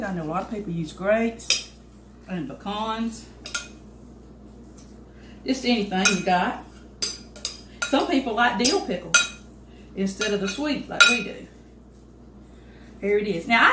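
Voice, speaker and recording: Background noise accompanies the medium-pitched voice of an older woman who hosts a home cooking channel. Cooking in her echoey kitchen with dishes clattering around, she keeps up a folksy chat with her cameraman throughout the casual demonstration.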